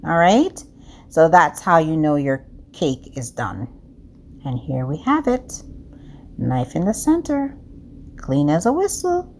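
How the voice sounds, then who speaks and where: This woman's low, darkish voice has a sing-song quality, and she speaks slowly with frequent pauses over a slight hiss or hum. A home cooking vlogger with a non-native English accent, she walks viewers through a baking recipe in an upbeat way, addressing them as "guys."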